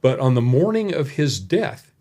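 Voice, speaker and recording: Male podcast guest with a middle-pitched voice, rambling and folksy as he tells his story, recorded indoors. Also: very animated, normal speed, warm tone. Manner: rambling and folksy, with many asides. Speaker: college development director, podcast guest. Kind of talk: anecdotal storytelling in a conversation. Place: indoor room.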